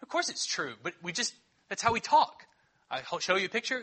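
A man delivers a sermon in a sharply bright, husky voice pitched a little high. He teaches conversationally as the pastor and keeps checking in with the congregation. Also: expressive, normal speed.

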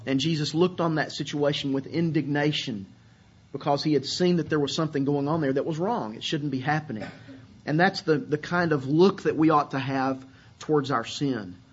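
A man's voice: fairly high pitch, moderate pace, husky, dull audio. A man preaching a sermon to his congregation, earnest and repeating words as he searches for phrasing. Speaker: pastor.

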